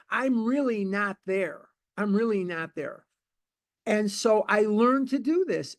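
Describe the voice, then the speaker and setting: A man in his seventies, speaking bluntly and emphatically as he shares his personal recovery story at a meeting. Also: high voice. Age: 70s.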